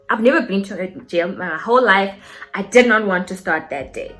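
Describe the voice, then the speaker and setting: Young South African woman, casual storytime vlogger, animated and chatty. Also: mid-range voice, a little fast, faint music behind. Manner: animated, code-switching, talks straight to viewers.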